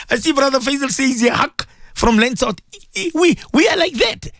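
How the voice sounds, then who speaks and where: Impassioned, gravelly high-voiced male radio preacher. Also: expressive, normal speed, fairly bright tone, no echo, studio quality. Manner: impassioned, repeats words, many rhetorical questions. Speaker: Islamic radio presenter. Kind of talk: preaching radio talk to listeners.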